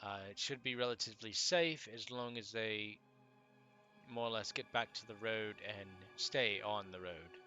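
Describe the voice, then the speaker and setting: Narrating a tabletop game as its game master, this man sounds easygoing and hesitant, leaning on lots of filler words. His pitch is fairly low, with soft music playing in the background.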